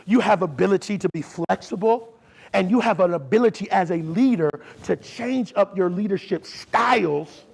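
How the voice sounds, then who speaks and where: Man, keynote speaker, high voice, gravelly, motivational, call and response. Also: moderate pace. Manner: animated preacher-like delivery, call and response.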